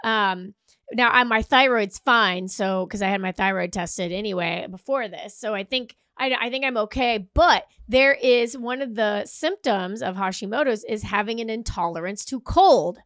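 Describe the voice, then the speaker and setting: A woman's voice: mid-range voice, normal speed, no room sound, studio quality. A woman co-hosting a podcast, chatting casually and telling stories with swearing and laughter. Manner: animated, swearing, laughing storyteller. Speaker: podcast co-host. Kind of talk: casual chat.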